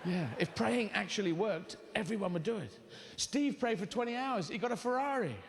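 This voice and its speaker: A man doing stand-up comedy on a theater stage, animated, with jumping pitch and playful swearing. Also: moderate pace, vocal fry. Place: large theater stage with live audience.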